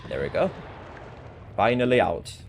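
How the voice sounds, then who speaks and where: Deep-voiced chatty gaming streamer man. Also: lively intonation, a little slow, vocal fry, noisy background. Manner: chatty, laughs often, swears. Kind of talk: casual gameplay commentary. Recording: game music underneath.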